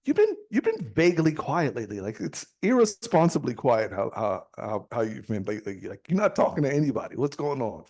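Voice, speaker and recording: A man voicing his friend's wife, who asks fretful, fast questions. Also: medium pitch, big pitch swings, a little mellow. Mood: worried. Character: curious friend's wife, woman, chatty.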